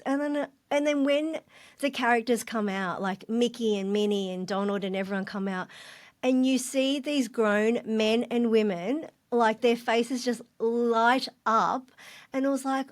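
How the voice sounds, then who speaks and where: A middle-aged woman telling a personal story as a podcast guest, animated, laughing and gushing as she talks. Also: a little high, a little slow. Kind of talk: casual storytelling.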